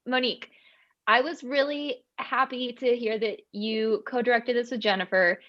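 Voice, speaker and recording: A woman's voice: on the high side, steady tone, normal speed. A woman moderator asking eager, chatty questions. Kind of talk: interview hosting. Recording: dull lo-fi audio.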